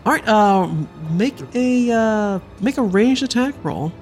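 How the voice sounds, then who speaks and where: A game master narrating and running a tabletop role-playing game, describing scenes with lively, stop-start delivery. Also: mid-range voice, unhurried, soft background music. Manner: lively narration, frequent restarts.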